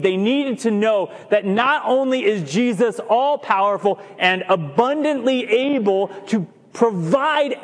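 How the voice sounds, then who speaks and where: A man preaching a sermon as pastor, animated, drawing out key words and sometimes stumbling over himself. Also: very high-pitched. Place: church sanctuary. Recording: long hall reverb.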